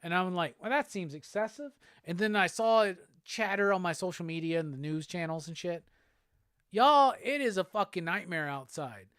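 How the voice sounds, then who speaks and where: Reading viewer comments on his livestream, this Southern United States host chats casually, swearing freely and laughing a lot in a laid-back way. His high voice is expressive, smooth and fairly bright at a moderate pace, with clean studio sound and no echo.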